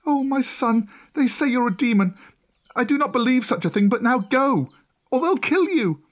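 A man's voice: very high voice, lively intonation, normal speed, pitched above the performer's own voice. A man voicing a worried village mother pleading urgently with her son.

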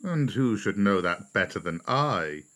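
A man's voice: lowish voice, expressive, measured pace, fairly bright tone. A man voicing a proud male black panther in a storybook reading, dry and scornful in manner. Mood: wry.

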